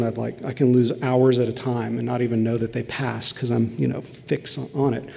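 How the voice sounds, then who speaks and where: Earnest middle-aged pastor, gravelly voice. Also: male voice, medium pitch, a little mellow. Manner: earnest, confessional storytelling. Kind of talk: sermon. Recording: long hall reverb.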